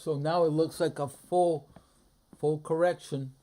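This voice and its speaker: A man streaming a live trading session, muttering his thoughts aloud in a low-key, halting way. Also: fairly even intonation, dark tone. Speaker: day trader streaming a live trading room. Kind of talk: casual live market commentary.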